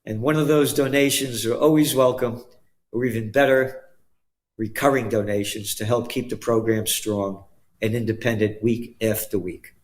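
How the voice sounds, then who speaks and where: A man's voice: medium pitch, fairly even intonation, moderate pace. An older man from the Bronx with a New York accent, guest-hosting a talk show in a blunt, rambling, emphatic way. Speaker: guest host. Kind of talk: casual talk show chat.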